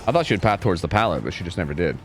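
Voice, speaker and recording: A man's voice: sits low, very animated, racing. Rambling young male game streamer. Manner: rambling, lots of filler "like", swears when frustrated. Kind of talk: casual live gameplay commentary. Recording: clear background noise under the voice.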